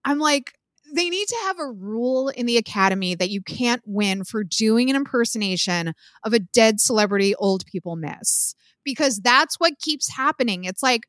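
A woman's voice: on the high side, lively intonation, normal speed, a bit bright, no room sound. A woman in her thirties co-hosting a podcast, chatting casually with strong opinions and lots of "like" and "um". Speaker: podcast co-host. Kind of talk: casual chat.

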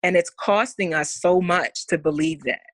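A woman's voice: lowish voice, moderate pace, dry recording. A woman speaking as a guest on a podcast, earnest and candid about her own fears. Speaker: podcast guest, women's coach. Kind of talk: candid heartfelt interview talk.

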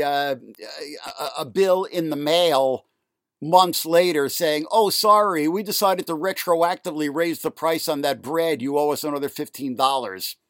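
A man in a halting, sarcastic rant, full of fillers and indignant asides. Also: a little high, dry recording, studio quality. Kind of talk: ranting monologue.

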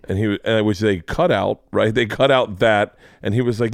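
A man in his forties with a fairly low voice tells a long, rambling story in a casual podcast chat. He acts out everyone's lines as he goes, and his voice is recorded dry and close with no room sound. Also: fairly quick, vocal fry, few pauses, no room sound. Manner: animated, rambling, acts out quotes. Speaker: podcast host.

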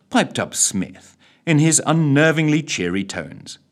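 A man, narrating a bedtime story in an expressive, theatrical way. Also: on the high side, measured pace.

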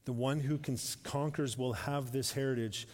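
A male pastor preaching a sermon. He grows emphatic and louder when reading scripture and drops softly for asides. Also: steady tone, normal speed. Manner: drops to a soft, low voice for asides. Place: church sanctuary. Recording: reverberant church hall.

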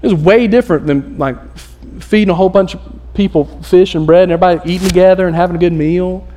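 A man delivering a sermon from the pulpit with a high, light voice. He speaks casually and with lots of energy, slipping into the voices of the people in the story as he tells it. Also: quick pace, warm tone, slight background noise. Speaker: pastor. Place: church.

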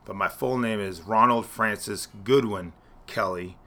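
A man's voice: fairly low pitch, measured pace, sharp tone. A man from Ontario, Canada, a teacher and coach, introducing himself in a friendly way. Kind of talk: casual self-introduction.

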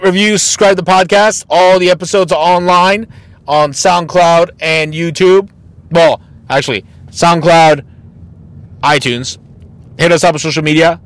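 A man hosting a casual solo podcast, ranting bluntly and mockingly with plenty of swearing. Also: on the high side. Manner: mocking and exasperated. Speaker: podcast host.

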